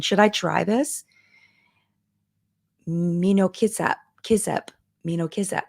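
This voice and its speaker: Gravelly low-voiced woman streamer. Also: a little mellow, dry recording, clean studio sound. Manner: chatty, reads viewer comments aloud, many fillers. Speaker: YouTuber hosting a live chat. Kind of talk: casual live-stream chat. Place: home basement.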